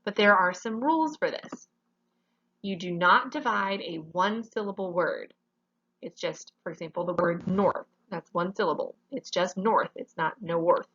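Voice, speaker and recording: A woman's voice: fairly low pitch, moderate pace, a bit bright, lo-fi sound, slight background noise. A woman teaching a grammar lesson in a classroom, explaining each rule step by step and often checking with "okay?".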